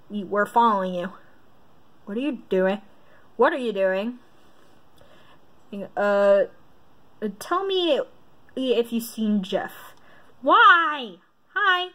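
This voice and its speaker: Slow-talking woman vlogger, chatty. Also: mid-range voice. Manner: reads quiz questions aloud and reacts, chatty and rambling. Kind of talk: casual quiz commentary.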